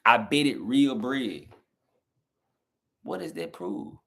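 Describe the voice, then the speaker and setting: A man's voice: on the low side, expressive, slow, a bit bright. A young southern man with a Southern American accent, arguing heatedly with his chat on a live stream and mocking their replies. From southern United States. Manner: argumentative, mocking, talks straight to chat.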